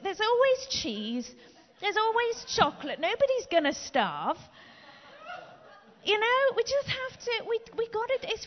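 Woman pastor, lively storytelling sermon, dull recording with a long hall echo. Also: extremely high pitch. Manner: lively, chatty storytelling with laughs. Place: church hall.

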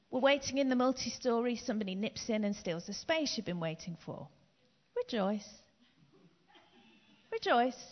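A woman pastor giving a chatty, lively sermon full of everyday stories. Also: high voice. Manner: lively, chatty storytelling with laughs. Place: church hall. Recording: dull, long echo in a hall.

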